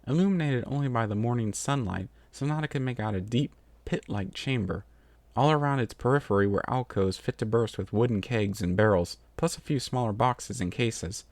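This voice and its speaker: A man reading a fan fiction story aloud as narrator, with lively storytelling. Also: mid-range voice, normal speed, no room sound.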